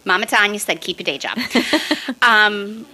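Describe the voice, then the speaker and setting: A woman's voice: mid-range voice, unhurried, poor audio. A woman with a St. Louis accent, a real estate investor telling her story in a casual podcast interview with many restarts. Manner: animated storytelling with lots of restarts.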